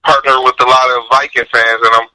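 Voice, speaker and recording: A man's voice: mid-range voice, little pitch movement, quick pace, sharp tone, rough recording. A man co-hosting a radio talk show, joking and teasing his co-host in casual banter.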